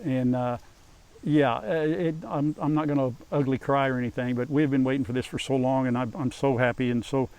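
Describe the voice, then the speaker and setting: A man's voice: steady tone, fairly quick, darkish tone. An older man vlogging outdoors on his farm, chatting casually to viewers while he works around an animal pen. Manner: folksy, chatty, calls out to animals in a high coaxing voice. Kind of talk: casual farm vlog, talking to camera while working.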